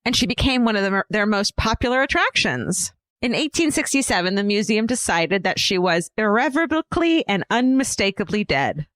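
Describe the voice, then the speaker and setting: A woman co-hosting a comedy podcast, reading out a listener's story and telling her own anecdotes in a lively, casual way, laughing often and swearing freely. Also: medium pitch, normal speed, no room sound, studio quality. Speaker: podcast co-host.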